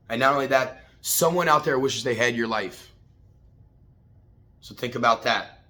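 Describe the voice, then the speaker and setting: A man's voice: mid-range voice, normal speed, sharp tone. Profane, fired-up man giving a pep talk. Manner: addresses listeners as man and baby. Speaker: host. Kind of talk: casual motivational talk.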